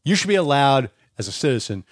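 A man in his forties co-hosting a chat podcast, his pitch swinging up and down as he tells stories. He swears casually and acts out every quote. The recording is close and dry. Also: fast talker, dry recording. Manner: animated storytelling, acting out quotes; swears freely. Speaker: podcast co-host.

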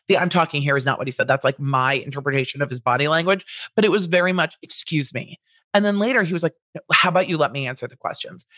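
A woman's voice: low-pitched, fairly bright tone, no echo, clean studio sound. Blunt, opinionated woman podcaster. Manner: blunt, opinionated, occasionally swears. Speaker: podcast host. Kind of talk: commentary podcast.

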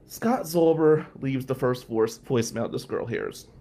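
A man telling a story on a radio talk show, animated and acting out the voices of the people he quotes. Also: mid-range voice, measured pace, slight background noise. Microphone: studio microphone.

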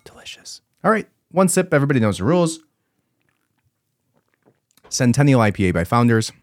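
A man's voice: medium pitch, very animated, fairly quick, no echo. A man hosting a podcast, giving casual, emphatic commentary and repeating his points for force. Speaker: podcast host.

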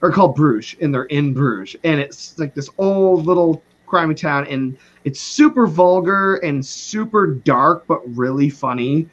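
A man chats casually as a podcast guest, his voice pitched a little high. He rambles, swears freely and keeps losing and finding his thread. The recording sounds muffled and lo-fi. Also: lively intonation, a little slow, few pauses. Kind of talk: casual chat.

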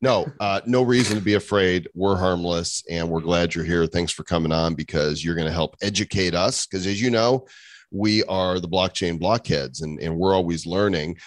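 A man's voice: low-pitched, moderate pace, no echo. A man hosting a podcast, leading a casual chat with playful, joking banter. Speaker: podcast host.

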